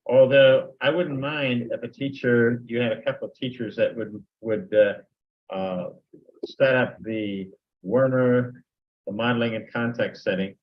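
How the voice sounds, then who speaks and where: A man's voice: mid-range voice, steady tone, measured pace. Older man lecturing teachers, dull lo-fi sound. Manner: conversational, acts out sample dialogues. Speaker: teacher trainer. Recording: dull lo-fi recording.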